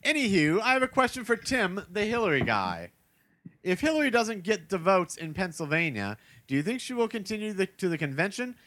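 A man's voice: high voice, very animated, brisk, pushed and bright. A man co-hosting a comedy podcast, brash and swearing freely in casual banter. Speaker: co-host.

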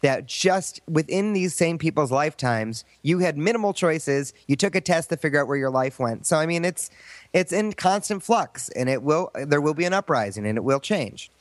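A man's voice: fairly high pitch, lively intonation, moderate pace, dry recording. A man, co-hosting a casual comedy podcast, explaining things earnestly at length with frequent restarts. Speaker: podcast co-host.

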